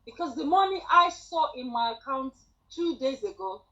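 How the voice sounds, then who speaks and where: A woman, a student nurse telling her story in an animated, chatty way on a group call. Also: high voice, moderate pace, dull audio. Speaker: student nurse sharing a testimony.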